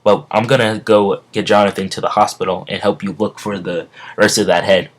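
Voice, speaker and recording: A man's voice: on the low side, fairly even intonation, a little fast, lightly acted. A man voicing a loyal, helpful sidekick.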